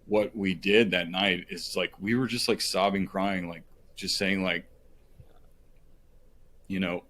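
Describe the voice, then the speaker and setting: Podcast guest, male, very low and flat voice, earnest and rambling with lots of fillers, faint hiss behind. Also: moderate pace. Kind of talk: emotional personal storytelling.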